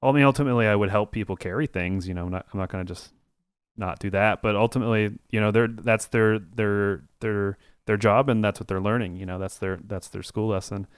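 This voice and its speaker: A man with a lowish, smooth voice rambles casually through a story, piling on "like" and "you know" as he goes. He sounds dry and close to the mic, with no room around him. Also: steady tone, fairly quick, dry recording. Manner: rambling, full of "like" and restarts. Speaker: podcast co-host. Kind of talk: casual chat.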